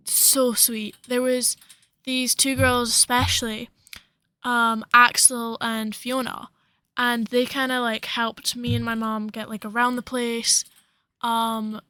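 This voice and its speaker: A young woman co-hosts a podcast, chatting casually and rambling with lots of fillers. Her voice is a little high, pushed, and bright, with no room sound.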